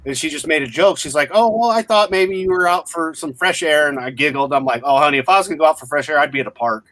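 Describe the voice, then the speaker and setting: A man's voice: on the high side, quick pace. Blunt, profane man in his forties. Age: 40s. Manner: profane, blunt, animated retelling. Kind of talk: casual chat, storytelling.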